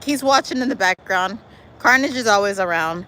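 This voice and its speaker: A woman hosting a casual live stream outdoors in her backyard, talking to viewers in a lively, chatty way and calling them y'all. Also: mid-range voice, normal speed, rough recording. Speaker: livestream host. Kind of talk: casual live chat reading viewer comments. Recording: faint outdoor noise with traffic.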